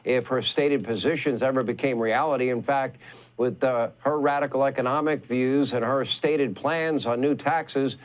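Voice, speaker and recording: A man's voice: mid-range voice, fairly even intonation, normal speed. A man hosting political commentary, reading a scripted segment with emphatic, repetitive phrasing. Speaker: commentary host.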